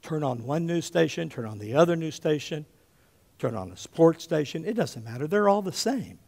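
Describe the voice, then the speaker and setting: Fifties guy preaching, slightly high voice with gravel, goes loud then hushed, keeps saying okay. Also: normal speed. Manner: animated storyteller, often checks in with "okay?", drops to a hush for quotes. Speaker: pastor. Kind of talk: sermon.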